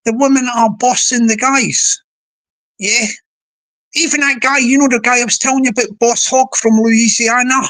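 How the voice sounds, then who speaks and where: A woman's voice: on the high side, fairly even intonation, normal speed, a bit bright. A woman hosting a livestream, playful and rambling as she talks to the chat. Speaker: livestream host.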